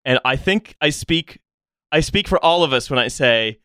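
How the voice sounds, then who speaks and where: A man with a fairly high voice hosts a podcast, chatting loosely, laughing a lot and dropping swear words. His voice sits close and dry on the microphone, with no room sound around it. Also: expressive, moderate pace, sharp tone, clear, resonant tone, no echo. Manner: laughs often, swears casually. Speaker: podcast host. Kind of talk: casual podcast chat.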